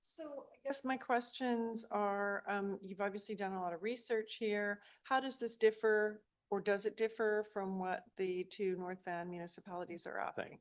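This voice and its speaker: A woman's voice: medium pitch, fairly even intonation, moderate pace, few pauses. A woman city councillor asking probing questions at a council meeting, thinking aloud.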